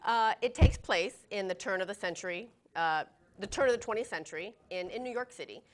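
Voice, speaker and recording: A woman's voice: medium pitch, fairly quick. A woman guest on a talk show, explaining a story patiently with frequent ums and uhs. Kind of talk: casual interview chat.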